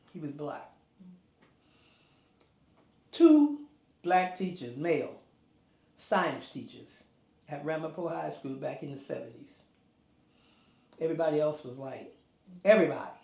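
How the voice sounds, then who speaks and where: An older woman, founder of a girls' youth club, telling animated stories in an interview and acting out the voices she quotes in a folksy way. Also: deep voice. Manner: lively, acts out quoted voices, folksy phrasing. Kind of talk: animated storytelling. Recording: roomy echo, faint music behind.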